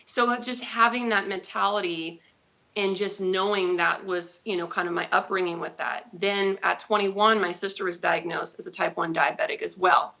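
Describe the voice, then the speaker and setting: A woman's voice: mid-range voice, fairly even intonation, normal speed, gravelly, sharp tone. A woman in her thirties, a guest telling her own story in a live interview, chatty and rambling with self-corrections. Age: 30s. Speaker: guest, diabetes advocate. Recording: dull lo-fi audio.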